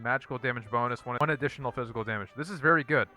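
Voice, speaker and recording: Bright-voiced man doing casual game commentary. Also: medium pitch, rapid-fire, few pauses, faint music behind. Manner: repeats one-word verdicts in a dry, flat way. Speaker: gaming channel host.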